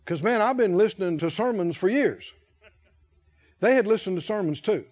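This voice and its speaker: A man's voice: sits high, lively intonation, moderate pace, a little mellow. A man preaching a conversational sermon, asking his listeners questions and chuckling between his points. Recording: dull lo-fi sermon recording.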